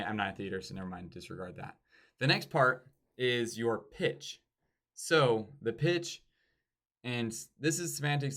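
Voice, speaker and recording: Young guy, lowish voice, casual sales coaching, acts out door pitches to show emphasis. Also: fairly bright tone. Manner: demonstrates pitch and pauses in sample sales lines. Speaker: sales trainer. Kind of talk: casual training talk.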